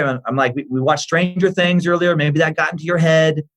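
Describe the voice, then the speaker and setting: A man's voice: fairly high pitch, brisk. A middle-aged man, a guest comedian, telling stories in a casual podcast chat and acting out the voices in them. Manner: animated, acts out the voices in his stories.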